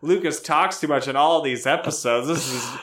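A man's voice: fairly high pitch, normal speed, a bit bright, slight background noise. A man co-hosting a podcast in casual chat, joking and self-mocking as he rambles along. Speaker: podcast co-host.

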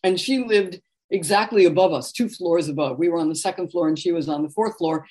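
A woman from New York, a guest author telling animated anecdotes in an interview. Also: fairly low pitch, brisk. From New York, USA. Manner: animated anecdotal storytelling with laughter. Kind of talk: conversational interview storytelling.

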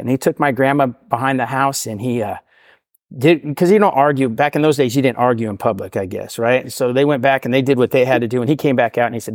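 Fast-talking man telling a rambling story. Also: medium pitch, dry recording, clean studio sound. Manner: rambling, self-deprecating, repeats "right?". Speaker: podcast guest sharing recovery story. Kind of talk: casual storytelling. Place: podcast studio.

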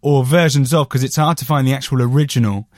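A man's voice: mid-range voice, steady tone, fast, dry recording, clean studio sound. A British man hosting a casual music monologue, rambling and self-deprecating with lots of fillers. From Britain. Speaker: podcast host reviewing albums.

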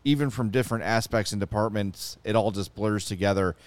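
A man's voice: lowish voice, fairly quick, no echo. A man with a Chicago accent hosting a sports podcast, talking casually and swearing in frustration. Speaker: podcast host.

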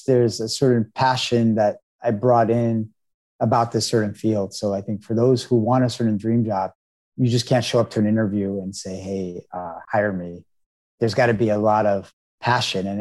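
A man's voice: fairly low pitch, a little mellow. Earnest male startup founder. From United States. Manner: earnest, storytelling. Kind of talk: interview answers.

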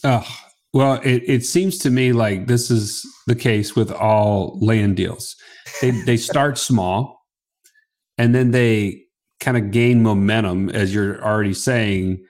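A man co-hosting a podcast, asking questions in a relaxed, casual way. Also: on the low side, slow. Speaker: podcast co-host. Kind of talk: casual interview chat.

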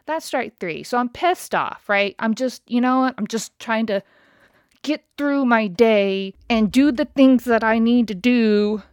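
A woman's voice: fairly high pitch, unhurried, clear, resonant tone, dry recording, clean studio sound. A woman telling a story about a bad day in a heated, exasperated way, swearing often as she rants. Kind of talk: casual angry storytime rant.

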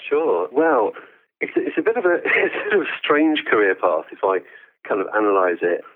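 A man's voice: mid-range voice, sing-song, moderate pace. A man in his forties, a podcast guest dialing in from afar, who talks enthusiastically and laughs often. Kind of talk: remote interview. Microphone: phone call-in. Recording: tinny phone line.

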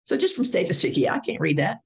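A middle-aged woman with a gravelly edge to her voice tells stories as an interview guest. She talks with vivid energy and acts out the people she quotes. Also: on the low side, quick pace. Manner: animated storyteller acting out quoted voices. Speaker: guest speaker and coach. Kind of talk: storytelling interview.

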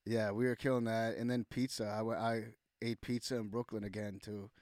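A young man, a rapper guest on a podcast, telling stories in a loose, animated way, full of fillers and acted-out quotes. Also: fairly low pitch, a little fast, no room sound, clean studio sound. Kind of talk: casual podcast storytelling.

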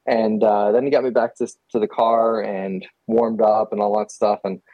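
A man's voice: lowish voice, moderate pace, no echo, highs cut off. A man from Texas, a guest photographer, telling a story in casual chat with lots of fillers and laughs. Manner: animated, laughing, many fillers.

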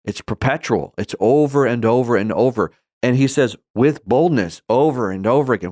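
A man's voice: medium pitch, animated, fairly quick, few pauses, darkish tone, dry recording, studio quality. A man giving an earnest, conversational Bible teaching that grows more emphatic and impassioned. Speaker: Christian teacher.

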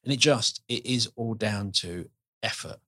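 A man's voice: lowish voice, measured pace, a bit bright, husky, dry recording. A man hosting a podcast talks casually and earnestly, often restarting his sentences as he works through his point. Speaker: podcast host.

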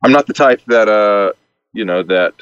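A man from Alabama with a Southern accent, a guest speaking haltingly with many restarts over a call. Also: fairly low pitch, clean tone. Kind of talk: casual interview over a call. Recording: dull call audio, dry.

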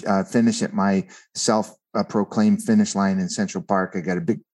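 A man's voice: low-pitched, fairly even intonation, moderate pace, a little mellow. A man, a guest and author, telling a personal story in an earnest conversational way, often repeating words as he starts a thought.

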